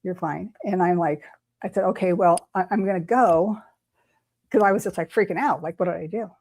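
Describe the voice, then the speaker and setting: A woman's voice: on the low side, a little fast, darkish tone. A woman, a tarot reader, telling a personal story in casual chat, emotional and rambling with many restarts. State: tearful at the start. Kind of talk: casual storytelling on a talk stream.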